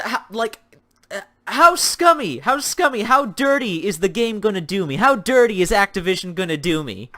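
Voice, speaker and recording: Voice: mid-range voice, sing-song, normal speed, sharp tone. A young adult livestream host chatting casually with viewers, reading chat aloud and ranting sarcastically about games.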